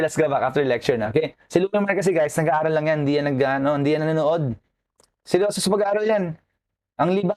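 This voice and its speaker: A Filipino-accented nursing professor gives an online lecture, his voice slightly high and a touch mellow. He's chatty and joking, forever checking in with his students.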